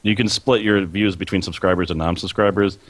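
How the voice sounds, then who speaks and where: This is a man with a very low, deep voice, chatting casually on a podcast. He rambles and fills his talk with "like". His voice sounds close and dry. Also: steady tone, fairly quick, no echo. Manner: rambling, laughs mid-sentence, many "like" fillers. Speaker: podcast co-host and video creator.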